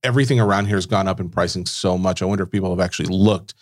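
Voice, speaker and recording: A man's voice: sits low, racing. A man co-hosting a podcast in casual chat, easygoing, reading listener questions and laughing often. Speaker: podcast co-host reading mailbag.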